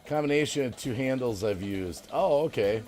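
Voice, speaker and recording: Man hosting a casual chat stream, reads comments aloud, laughs a lot, mid pitch, faint music underneath. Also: animated, moderate pace, a little mellow. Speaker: livestream host.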